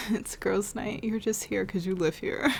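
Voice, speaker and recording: A woman's voice: medium pitch, measured pace, gravelly, a little hiss or hum. A woman hosting a life-sim game playthrough, chatting casually about what her characters are doing and laughing often. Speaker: let's play host. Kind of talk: casual gameplay commentary.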